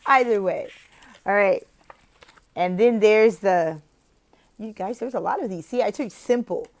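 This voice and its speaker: A woman's voice: medium pitch, measured pace, long pauses. Playful woman sharing classroom tips. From lives in Oklahoma, not from there. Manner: playful, laughs often, acts out classroom chants. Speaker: online teacher and video host. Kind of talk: casual teaching tips vlog.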